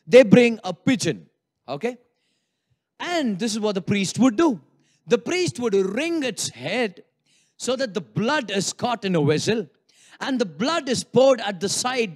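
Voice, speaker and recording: A male pastor preaching a sermon in an animated way, playfully acting out what people think during worship. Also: high voice. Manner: animated, acts out congregants' inner thoughts with humor.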